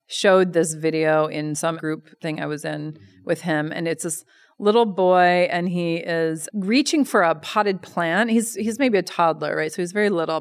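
A woman guest on an interview, an educator who tells stories in a lively, animated way with many fillers. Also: fairly low pitch, smooth. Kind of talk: conversational interview.

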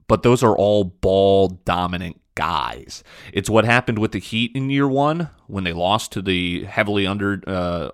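A young man hosting a podcast, giving blunt, opinionated sports talk with frequent fillers. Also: lowish voice. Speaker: podcast host. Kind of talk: casual sports talk monologue.

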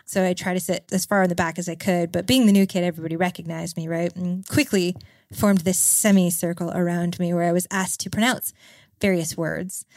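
A woman's voice: fairly low pitch, steady tone, a little fast, darkish tone, no room sound. A woman telling an amused childhood story as an interview guest. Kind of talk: casual storytelling.

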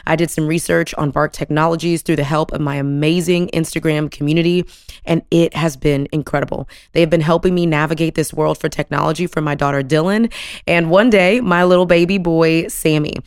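Woman podcast host, effusive and animated, slightly low voice, dry close sound. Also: fairly quick, smooth, dry recording. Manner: effusive, animated, lots of casual slang. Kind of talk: enthusiastic podcast interview.

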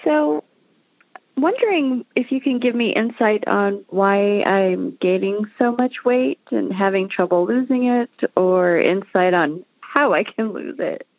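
A woman in her forties from Iowa, calling in to a radio show and giving short, soft-spoken answers. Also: mid-range voice, a little slow, no echo, muffled recording. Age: 40s. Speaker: caller. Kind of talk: phone-in conversation.

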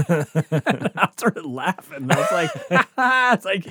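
Male storyteller, casual and animated, swings between hushed asides and loud bursts, dry close sound. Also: high voice, slow pace, slightly rough, dry recording. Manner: animated, acts out quotes, laughs often. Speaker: guest storyteller.

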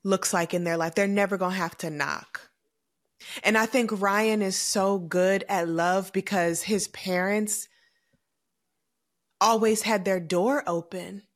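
A woman's voice: mid-range voice, steady tone, takes it slowly. A woman in her thirties co-hosting a podcast, talking in an earnest, reflective and emotional way about love and family. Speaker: podcast co-host. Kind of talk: casual heartfelt chat.

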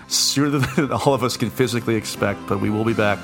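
A hoarse man hosting a casual podcast, his low voice gravelly and frayed. He rambles easily through plugs and goodbyes in a relaxed, chatty way. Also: a little fast, soft background music. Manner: rambling, signing off with thanks and plugs. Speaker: podcast host.

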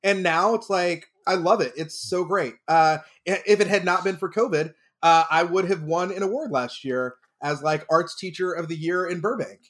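High-voiced man telling animated stories. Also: normal speed, hardly any pauses. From Texas. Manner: animated, laughs through his own stories. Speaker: drama teacher and podcast regular. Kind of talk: casual comedic storytelling.

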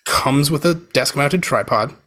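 A man talking casually over a video call, explaining audio gear as a podcast guest, with a relaxed, filler-heavy manner. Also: medium pitch, measured pace. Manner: relaxed, chatty, lots of fillers like "you know" and "um". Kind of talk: casual explanatory chat, demonstrating microphones. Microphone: switching between webcam mic and USB condenser over a video call.

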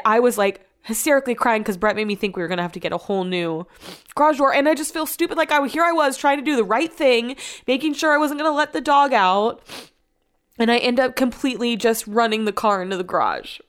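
A woman's voice: a little high, a little fast, fairly bright tone, smooth. A young adult woman rambling through a casual vlog story, full of "like" fillers. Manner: chatty and rambling, with constant "like" fillers. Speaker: vlogger and radio host.

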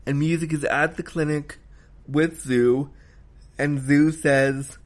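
A man's voice: on the high side, steady tone, takes it slowly. A man giving a casual spoken film review, emphatic and heated, swearing freely as he rants.

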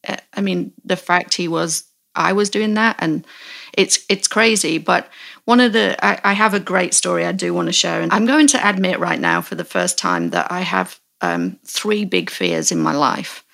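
Lady host in her 40s, low-ish and gravelly, candid, stops and restarts a lot. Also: animated, a bit bright. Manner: candid, halting, self-correcting. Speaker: podcast host. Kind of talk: storytelling in casual chat.

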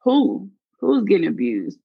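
A woman reading out her aunt's soft, concerned questions and advice in a storytelling reading. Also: medium pitch, huge pitch swings, measured pace, vocal fry, breathy edge, no room sound, narrow, tinny audio, exaggerated voice. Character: gentle concerned aunt, middle-aged woman.

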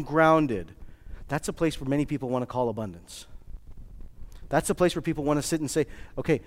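A man giving a lively motivational talk to a live audience, joking and quizzing the crowd. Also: fairly high pitch. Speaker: speaker addressing a live audience. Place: large hall with an audience. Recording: long hall reverb.

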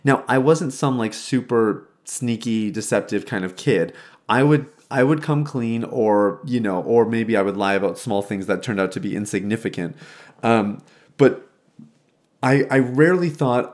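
A man's voice: mid-range voice, measured pace, darkish tone. A man in his thirties telling a personal recovery story in a reflective, conversational way, with frequent restarts, recorded in his old childhood bedroom. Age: 30s. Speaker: faith-based recovery speaker.

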